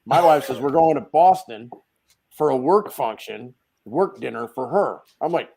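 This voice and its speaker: A man, a guest on a video call podcast, telling stories in a loud, casual way and acting out the quotes. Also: mid-range voice, a little slow, gravelly, husky. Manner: animated storyteller, acts out quotes, swears casually. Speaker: guest, dent repair tech. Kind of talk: casual storytelling chat.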